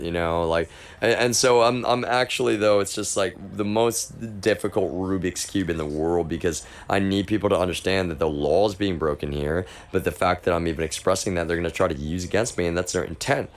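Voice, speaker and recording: A man's voice: low-pitched, a little fast. A young man, talking in a long, rambling monologue on a live stream. He repeats himself, restarts his sentences and leans hard on emphasis. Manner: repetitive, restarts often, emphatic.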